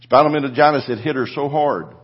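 Husky older man preaching a sermon. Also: mid-range voice, fast, muffled recording. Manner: preaching with rising, shouted declarations. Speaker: pastor.

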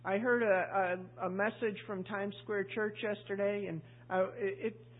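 Woman preacher, husky, conversational delivery with questions to the room; tinny, phone-like recording. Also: medium pitch, steady tone, moderate pace. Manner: chatty, asks the congregation questions, acts out voices. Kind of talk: conversational sermon.

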